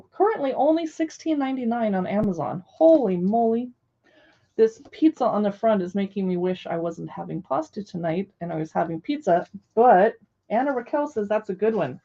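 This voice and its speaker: A woman's voice: mid-range voice, mellow. Chatty woman on a lo-fi stream. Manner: chatty, reads recipe titles aloud, greets viewers. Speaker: live stream host reviewing cookbooks. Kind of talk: casual live stream chat.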